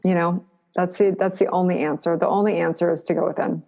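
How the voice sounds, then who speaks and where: A woman's voice: lowish voice, steady tone, quick pace, gravelly, mellow. A middle-aged woman guest in an interview, talking earnestly and encouragingly, often repeating phrases for emphasis. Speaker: podcast guest. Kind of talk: reflective interview answers.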